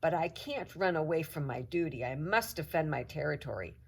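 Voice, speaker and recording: A woman teacher reads a children's chapter book aloud with a low, full voice. She tells the story expressively, shaping each line for young listeners. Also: animated, normal speed, gravelly.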